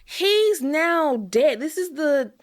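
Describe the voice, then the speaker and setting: A woman's voice: high voice, big pitch swings, slow pace, no echo. A woman from Chicago, a podcast guest telling her story with emotion and acting out quotes. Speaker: interview guest. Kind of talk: candid podcast conversation.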